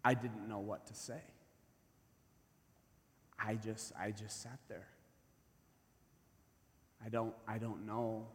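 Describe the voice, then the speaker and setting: A man preaching, telling a personal story in a sermon; his intense delivery swings from hushed to loud. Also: on the low side, little pitch movement, slow, pauses often. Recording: long reverb of a large hall.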